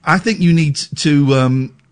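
A male English radio host in lively banter, ranting in mock outrage and stumbling over restarts. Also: fairly high pitch, measured pace.

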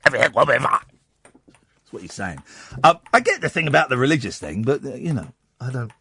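A man's voice: medium pitch, sing-song, a little fast, gravelly, pushed and bright, slightly rough. A man hosting a late-night radio phone-in from a studio, talking with callers in a teasing, sarcastic way. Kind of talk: casual phone-in banter. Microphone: studio microphone.

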